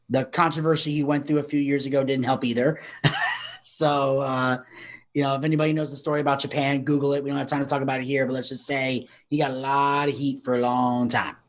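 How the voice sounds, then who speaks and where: A man co-hosting a casual podcast, chatty and explaining his picks at length. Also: mid-range voice. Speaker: co-host.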